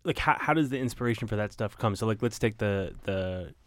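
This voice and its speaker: A man's voice: lowish voice, expressive, a little fast, no echo. A man interviewing a writer, firing off casual questions full of fillers like "like". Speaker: interviewer, host.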